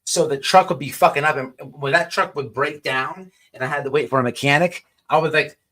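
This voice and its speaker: A man's voice: fairly high pitch, brisk, sharp tone. A man hosting a livestream who talks in a rambling, profane way, full of restarts. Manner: rambling with many restarts and stammers. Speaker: livestream host. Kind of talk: casual profane commentary.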